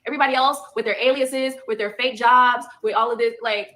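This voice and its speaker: A woman's voice: on the high side, fairly even intonation, brisk, sharp tone, a little hiss or hum. A woman in a heated monologue, emphatic and repeating her points for effect.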